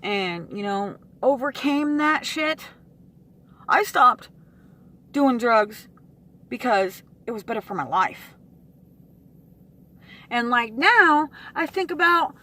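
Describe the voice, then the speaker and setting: A woman vlogger venting to her camera, frustrated and swearing, with sighs and pauses. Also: fairly high pitch, animated, sharp tone.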